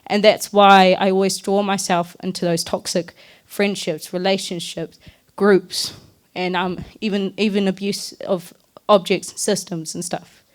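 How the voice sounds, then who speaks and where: A woman's voice: mid-range voice, flat delivery, a little slow. A young woman, telling her personal story at a community talk in a candid, earnest, loosely chatty way. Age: young adult.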